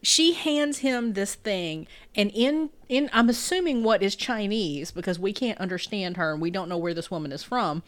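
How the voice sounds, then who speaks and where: A woman's voice: medium pitch, lively intonation, normal speed, hardly any pauses. A woman co-hosting a podcast, casually recapping a movie scene by scene and laughing often. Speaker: podcast co-host.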